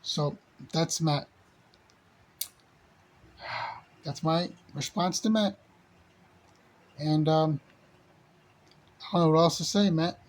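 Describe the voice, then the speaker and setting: A man's voice: fairly high pitch, slow pace, pauses often. A man delivering an angry, profane ranting monologue to the camera, repeating himself and hurling insults. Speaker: channel host.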